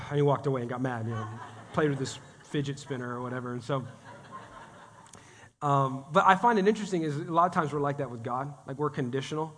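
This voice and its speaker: A man giving a conversational sermon as a guest pastor, animated and talking directly to the congregation. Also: medium pitch, fast talker. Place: church sanctuary. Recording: long reverb of a church hall.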